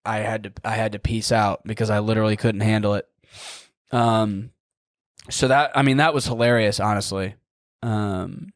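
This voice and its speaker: A man's voice: mid-range voice, smooth, no echo, clean studio sound. A young man hosting a podcast, telling a story in a rambling casual way, full of "like" and casual swearing. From United States. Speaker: podcast host.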